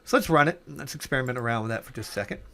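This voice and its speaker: In a casual coding tutorial, a programming instructor with an average mid-pitched voice narrates his code loosely, typing as he thinks aloud, full of fillers, self-corrections, and trailing mutters. Keyboard clatter runs under his explanations. His delivery is animated, rapid-fire, and creaky.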